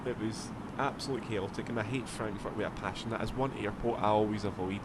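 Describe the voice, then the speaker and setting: A man's voice: fairly low pitch, fairly even intonation, quick pace, heavy background noise. A man with a Scottish accent, rambling casually as he streams a flight sim, swearing now and then. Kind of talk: casual gameplay commentary.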